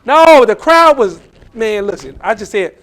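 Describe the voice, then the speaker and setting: High-voiced comedian telling stories. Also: male voice, measured pace. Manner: profane, animated storytelling with acted quotes. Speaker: comedian guest. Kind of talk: casual storytelling on a podcast.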